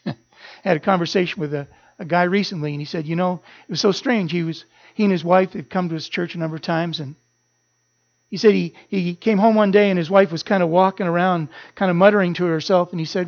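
A pastor preaching a sermon, earnest and building to animated emphasis. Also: male voice, high-pitched, fairly quick. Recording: muffled lo-fi sermon recording.

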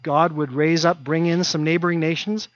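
A man's voice: fairly high pitch, little pitch movement, normal speed, no echo. A male pastor preaching a sermon in a conversational way, driving points home through repetition. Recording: dull dry recording.

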